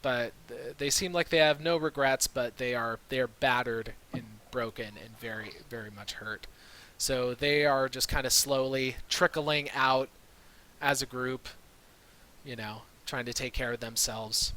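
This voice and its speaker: Laid-back male game master, slow and bright, narrating on a USB call mic. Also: medium pitch, poor audio. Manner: relaxed, filler-heavy storytelling. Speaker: dungeon master. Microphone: USB mic on a video call.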